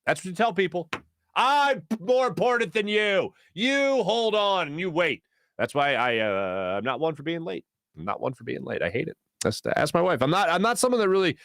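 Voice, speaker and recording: A man's voice: on the high side, a bit bright, clean tone, no room sound. A man hosting a sports morning show from a radio studio, chatting casually and rambling as he greets viewers and reads their comments aloud. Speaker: sports radio host reading live chat. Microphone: studio microphone.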